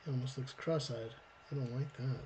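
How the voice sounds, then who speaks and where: A gravelly, mid-pitched man hosts a casual live drawing stream, talking through each step as he sketches. His chatty delivery comes through a desk microphone, with a faint hiss of noise behind it. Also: fairly even intonation, moderate pace. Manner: chatty, thinks aloud while drawing, laughs often. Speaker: storyboard artist hosting a live stream.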